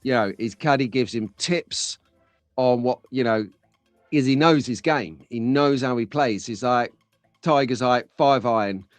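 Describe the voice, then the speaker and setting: A man's voice: mid-range voice, a little slow, no room sound. Guy rambling on his live show, jokey, dry close mic, bit of music under it. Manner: chatty and jokey, addresses chat viewers by name. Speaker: live stream host. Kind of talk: casual live stream chat.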